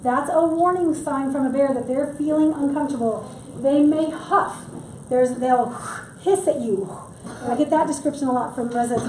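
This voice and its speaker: In a chatty public workshop on wildlife, a middle-aged presenter jokes as she goes, speaking at normal speed in a high, warm voice. The echoey room and far-off mic come with a touch of hiss or hum.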